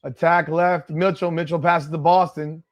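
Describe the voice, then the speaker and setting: A man with a fairly high voice calls the game play by play on his live watch-party stream. His delivery is blunt and full of swearing. He breaks easily into exasperated outbursts. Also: little pitch movement, moderate pace, dull audio.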